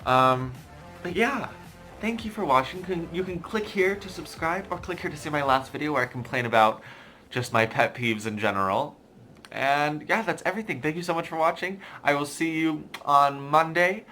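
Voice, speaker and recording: A young man vlogging a casual story in an animated, exasperated, self-mocking way. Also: a little high, normal speed, faint music behind. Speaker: YouTuber.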